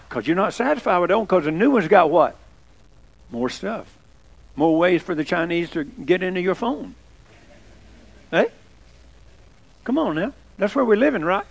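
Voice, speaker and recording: A man's voice: high voice, lively intonation, moderate pace, vocal fry. An older man preaching a folksy sermon, chatting with the congregation and asking them questions. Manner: conversational, asks the congregation questions.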